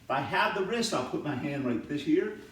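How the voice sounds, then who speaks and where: Guy teaching kids jiu-jitsu, kinda high voice, keeps saying all right, roomy echo and faint room hum. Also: expressive, brisk, fairly bright tone. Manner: explains step by step, checks in with "all right?". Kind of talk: demonstrating technique for kids. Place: martial arts academy mat room. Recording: echoey room from far off.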